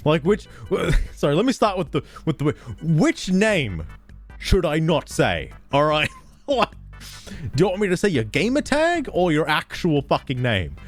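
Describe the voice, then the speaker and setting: A man's voice: on the high side, huge pitch swings, slow pace, long pauses, soft background music. A male streamer chatting casually on a livestream, profane and self-mocking, with a strained throat.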